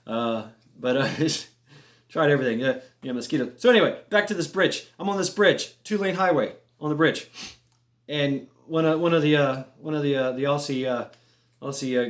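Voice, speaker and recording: A man casually telling a long story, rambling and animated, swearing freely and making little sound effects as he goes. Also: mid-range voice. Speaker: vlogger telling a military story.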